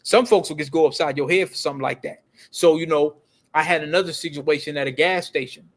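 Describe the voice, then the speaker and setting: A man's voice: a little high, fairly quick. A man telling stories in a casual, emphatic rant, full of street slang and repeated words. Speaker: video commentator.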